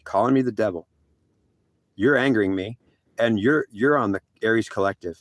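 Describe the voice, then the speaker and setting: A man's voice: lowish voice, normal speed, dry recording, close to an everyday voice. An older man voicing God as a stern, threatening male figure who scolds and repeats his threats.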